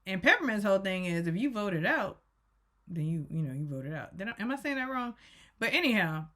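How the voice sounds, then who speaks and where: A woman's voice: mid-range voice, very animated, moderate pace, fairly bright tone. A woman YouTuber giving a casual, rambling recap rant and often correcting herself. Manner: rambling, self-correcting, chatty. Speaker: YouTube reviewer.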